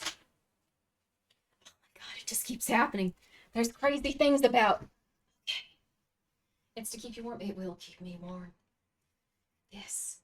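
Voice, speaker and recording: A woman streamer chatting casually during an unboxing, gushing with excitement and often slipping into a half-whisper. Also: on the high side, unhurried, long pauses. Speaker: VTuber streamer.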